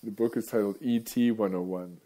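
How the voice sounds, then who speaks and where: A man's voice: fairly low pitch, steady tone, fairly quick, warm tone. A male radio host talking in a casual, rambling monologue, wandering off topic and chuckling often.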